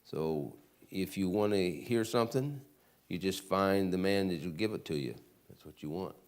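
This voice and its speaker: A man from Michigan with a Michigan American accent, teaching Sunday school in a church classroom, reading scripture verses slowly and loudly between casual asides. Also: deep voice. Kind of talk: Bible lesson reading scripture aloud.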